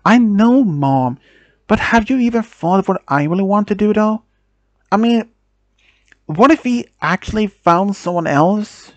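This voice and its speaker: Male reader doing upset teen girl, raised pitch, halting pleas, storybook read. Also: animated, dry recording, dull audio. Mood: pleading. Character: teenage girl Janet, upset but defiant.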